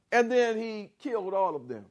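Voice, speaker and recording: Brief: male preacher, theatrical, high and lively, slow and deliberate delivery. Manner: animated and theatrical, acts out the characters. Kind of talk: sermon.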